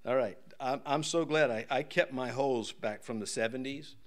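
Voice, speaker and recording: An older man preaching a casual, joking sermon in a church, with folksy asides and voices acted out in a high pitch. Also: normal speed. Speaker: pastor.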